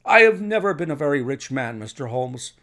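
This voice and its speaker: Male narrator doing a nervous, pleading heavyset man; jittery, lively pitch. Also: fairly quick. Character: fat, nervous, jumpy middle-aged man.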